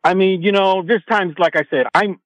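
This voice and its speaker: Male caller, slightly high voice, quick and friendly, dry sound. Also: fairly even intonation, no echo, rough recording. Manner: fast, friendly, stumbling restarts. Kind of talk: call-in radio chat.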